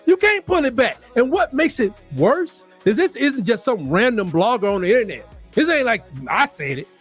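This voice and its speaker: A man hosting a sports talk show, delivering a heated, animated rant with lots of repeated emphasis. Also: extremely high pitch, normal speed, slightly rough, faint music behind. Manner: fired-up, animated, repetitive emphasis.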